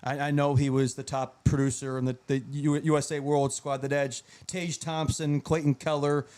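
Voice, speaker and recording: A man's voice: fairly high pitch, little pitch movement, moderate pace, darkish tone, clear, resonant tone. A man co-hosting a casual hockey chat while watching a live game, teasing his co-host and laughing often.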